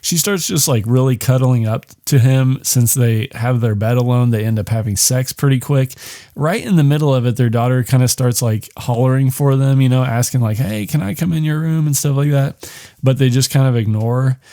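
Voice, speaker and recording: A man recaps a film for his podcast in a loose, rambling way, full of swearing and sarcastic asides. His voice sits at an ordinary middle pitch. The sound is dry and close, with no room echo. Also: normal speed, dark tone. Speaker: podcast host.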